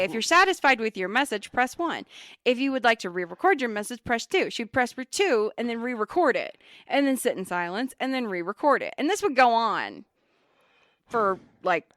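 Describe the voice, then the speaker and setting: A woman co-hosting a podcast, telling workplace stories in a casual, animated way, swearing freely and acting out what people said. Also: a little high, moderate pace, dry recording. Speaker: podcast co-host. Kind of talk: casual storytelling chat.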